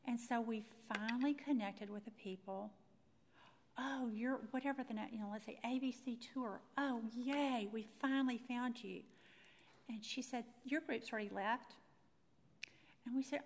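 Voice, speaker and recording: A woman's voice: fairly high pitch, moderate pace, in a large hall. A woman telling a personal faith story, acting out the voices in it. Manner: animated storytelling, acting out quotes. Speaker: Christian speaker. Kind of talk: personal testimony talk.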